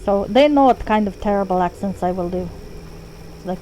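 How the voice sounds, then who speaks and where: A woman's voice: medium pitch, normal speed, noisy background. A woman streaming a game from home, casual and self-deprecating, swearing when the game annoys her. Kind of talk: casual live-stream commentary.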